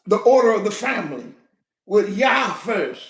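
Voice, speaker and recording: A woman preaching a fiery sermon, animated, often shouting and breaking into laughter. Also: medium pitch, normal speed. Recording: echoey room.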